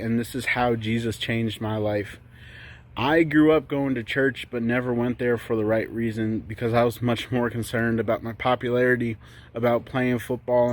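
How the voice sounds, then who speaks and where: A man who is a pastor giving a personal testimony in a steady, reflective way. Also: medium pitch.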